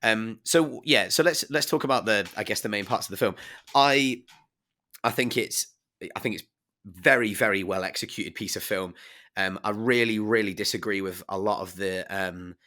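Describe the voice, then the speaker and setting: A man co-hosting a film podcast, croaky from illness, rambling with many fillers. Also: on the low side, moderate pace, pushed and bright. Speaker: podcast co-host. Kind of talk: casual film review chat.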